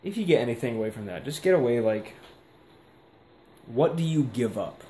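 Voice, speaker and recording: With an animated, dark-toned, mid-range voice at a moderate pace, a young man rambles and reflects through a casual vlog, dropping lots of fillers. Echo and a faint hiss color the recording.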